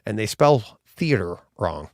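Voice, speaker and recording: A man's voice: on the low side, sing-song, unhurried, no echo, clean studio sound. A man co-hosting a live-streamed podcast, chatting casually in a rambling, self-deprecating way and laughing often. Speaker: podcast co-host.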